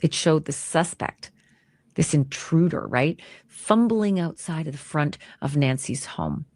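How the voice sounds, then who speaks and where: A woman's voice: low voice, expressive, unhurried, darkish tone, no room sound. A woman narrating a true-crime recap in a suspenseful storytelling way.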